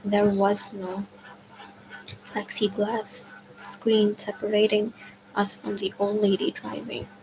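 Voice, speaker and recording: A woman reading a novel aloud, softly and often half-whispered. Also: mid-range voice, monotone, slow pace, noisy background. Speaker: book reader.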